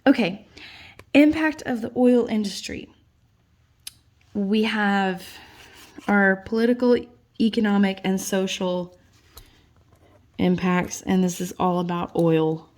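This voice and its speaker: A woman teacher, tired late at night, slowly and patiently walking students through their notes in a recorded lesson. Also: medium pitch, darkish tone. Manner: slow, patient explaining.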